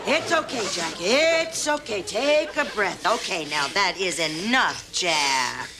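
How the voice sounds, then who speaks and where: Sitcom mom, dry and soothing, unhurried with a lively high voice. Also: female voice, noisy background. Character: wry sitcom mother, calms her hot-headed husband. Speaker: mother. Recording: sitcom audio with loud studio audience laughter. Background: studio audience laughter.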